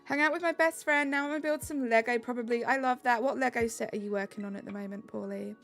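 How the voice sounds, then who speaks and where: A woman's voice: fairly high pitch, fast, fairly bright tone, soft background music. A young woman from England with a Southeast English accent, chatting upbeat with her live-stream chat while she plays.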